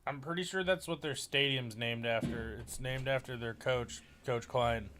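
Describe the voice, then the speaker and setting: A man's voice: medium pitch, normal speed, music in the background. A young man co-hosting a casual college football podcast, joking sarcastically and swearing freely. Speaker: podcast co-host. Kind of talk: casual chat.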